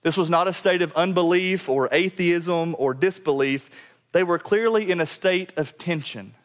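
Earnest male preacher, higher-pitched voice. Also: moderate pace. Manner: earnest preaching, drops to a low quiet voice for emphasis. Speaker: pastor. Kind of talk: sermon. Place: church sanctuary.

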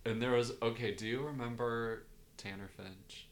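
A man's voice: mid-range voice, steady tone, normal speed. A young man co-hosting a podcast, talking casually and self-deprecatingly with many fillers. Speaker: podcast co-host. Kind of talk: casual chat.

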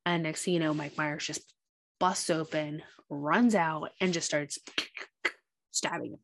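This is a low, gravelly female voice, a little slow in pace. She co-hosts a podcast, chatting casually about a movie's plot and acting out what the characters say in a lively retelling.

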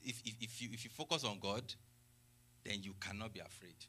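A male preacher with a lowish voice that has a bright, forceful edge. He moves between reading scripture and explaining it to his congregation. He asks rhetorical questions and breaks in with exclamations of praise. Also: brisk.

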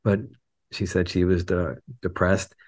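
A man speaking as a guest teacher in a reflective podcast conversation, an animated storyteller who acts out quotes in a raised voice. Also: deep voice, measured pace.

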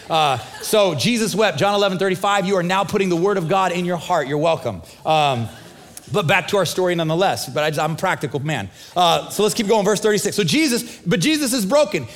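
Middle-aged male pastor, high voice, chatty sermon delivery with acted-out dialogue. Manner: casual, conversational preaching with acted-out dialogue.

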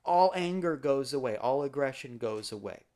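A man's voice: medium pitch, expressive, normal speed, darkish tone. Male podcast co-host, loose and playful, rambles through casual banter. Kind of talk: casual chat.

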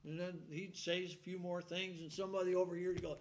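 This male preacher's voice is high-pitched, and he talks a little fast with hardly any pauses. His sermon unfolds as lively, folksy storytelling, and he often laughs while acting out a shouting congregation.

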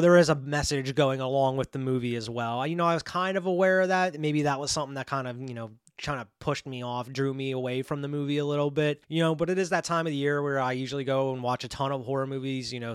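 A young man talks through a horror film review in a loose, rambling way, leaning on filler words as he goes. His voice sits at a middle pitch and the recording is dry, with no room sound. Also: clean tone, dry recording. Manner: rambling, heavy on "you know" and "like". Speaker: movie reviewer. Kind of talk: casual spoken film review.

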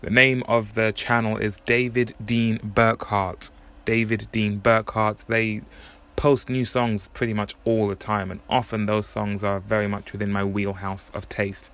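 A man's voice: fairly low pitch, level tone, a little slow, a bit bright. A man hosting a solo podcast, chatting casually about music and often correcting himself as he goes. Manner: conversational, thinking aloud with frequent self-corrections. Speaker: podcast host.

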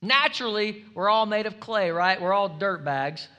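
A man preaching a sermon as pastor, energetic and humorous, building up to shouts. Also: high-pitched, unhurried.

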